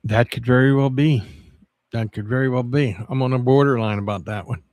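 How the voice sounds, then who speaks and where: A man livestreaming, chatting casually with viewers in a rambling, halting way with many restarts. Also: medium pitch, a little mellow, no room sound, studio quality.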